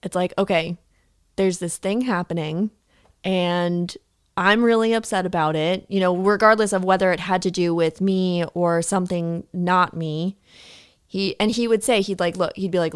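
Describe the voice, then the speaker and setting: A woman hosting a podcast, chatting casually and reacting with quick interjections and frequent laughter. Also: lowish voice, steady tone, clear, resonant tone, no echo, studio quality. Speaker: podcast host. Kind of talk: casual chat.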